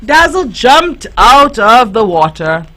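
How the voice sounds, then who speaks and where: Woman reading a kids' storybook real slow, bouncy voice. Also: fairly high pitch. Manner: slow, expressive read-aloud with lively voices. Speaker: youth radio host.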